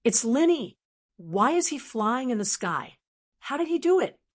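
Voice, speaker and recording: A woman's voice: on the high side, very animated, measured pace, pitched above the performer's own voice. A woman voicing a stunned young cultivator. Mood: astonished. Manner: astonished questions.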